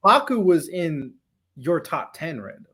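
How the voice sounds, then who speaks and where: A man hosting a podcast in casual chat, relaxed as he reads viewer messages and gives his picks. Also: on the high side, unhurried, breathy edge. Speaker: podcast host reading super chats.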